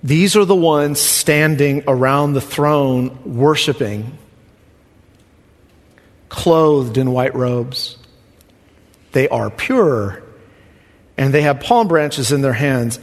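A man preaching a sermon as pastor, swinging from soft, quiet passages to loud emphatic lines. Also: a little high, lively intonation, slow, long pauses, in a large hall.

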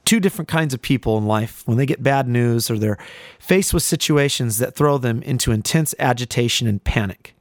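A male pastor delivering a radio sermon in a slow, emphatic preaching manner, stretching out key phrases and speaking straight to the listener. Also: medium pitch, dry recording, studio quality.

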